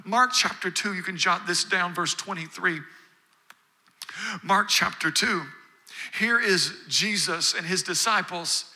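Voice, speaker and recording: A man's voice: high voice, measured pace, sharp tone. A man preaching a sermon, possibly, building emphasis through repeated phrases. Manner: preaching with rising emphasis and repetition. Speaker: pastor.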